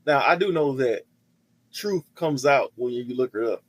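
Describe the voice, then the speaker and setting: A man co-hosting a casual podcast, telling a story in an animated way, laughing often and repeating himself. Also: mid-range voice, moderate pace, dry recording, rough recording. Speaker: podcast co-host.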